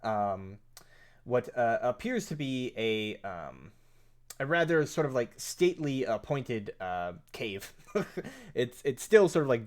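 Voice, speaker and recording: A man narrating a tabletop game as game master, halting with frequent fillers and restarts. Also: fairly low pitch. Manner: hesitant, many fillers and restarts.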